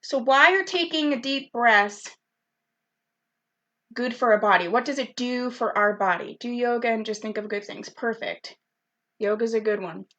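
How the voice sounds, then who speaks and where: A woman's voice: a little high, normal speed, a bit bright, muffled recording. A woman leading a live online youth workshop, chatty and upbeat, reading out viewers' comments by name over a video call. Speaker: program specialist leading a virtual youth workshop.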